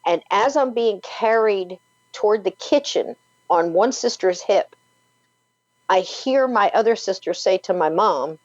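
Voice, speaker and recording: A woman's voice: mid-range voice, lively intonation, unhurried, a little mellow, dry recording. A woman guest on an interview show, retelling a personal story vividly, full of "like" and "you know". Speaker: paranormal podcaster and author, guest. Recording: dull lo-fi, dry sound.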